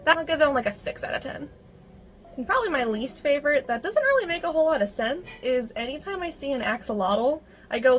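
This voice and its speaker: A young woman chatting casually in a vlog, bubbly and animated, with sudden loud outbursts. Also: high voice, a little fast. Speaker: social media creator.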